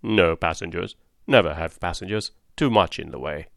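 Captain Speedy, a man growling as a gruff sea captain. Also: low voice, moderate pace, a bit bright, no room sound, clean studio sound, pitched below the performer's own voice. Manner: clipped, blunt one-word refusals. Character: gruff middle-aged male sea captain, curt and stubborn. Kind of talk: audiobook character voice.

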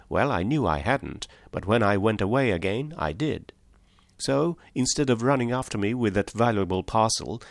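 A man's voice: fairly low pitch, no echo, close to an everyday voice. A man voicing a small, mild country priest in an audiobook, speaking simply and apologetically.

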